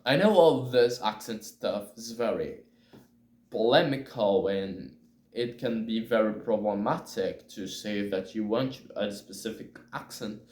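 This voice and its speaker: A man learning English, talking in a hesitant, halting way and often correcting himself as he chats casually on camera. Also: fairly low pitch, a little mellow. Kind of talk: casual spoken monologue. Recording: echoey room.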